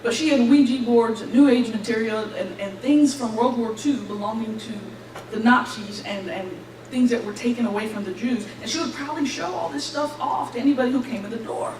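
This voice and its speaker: High-voiced woman telling a testimony. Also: fairly quick. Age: young adult. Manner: animated storyteller, acts out quoted voices, laughs between lines. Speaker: graduate giving a testimony. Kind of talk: church testimony storytelling. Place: church hall. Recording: echoey hall, distant mic, faint hiss.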